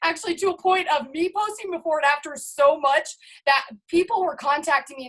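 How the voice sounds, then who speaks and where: Via video call, a network marketing team leader delivers a brisk, all-in pep talk in a bright, high-pitched voice. Her energy is hyped and emphatic as she repeatedly turns to address listeners, on a low-quality recording.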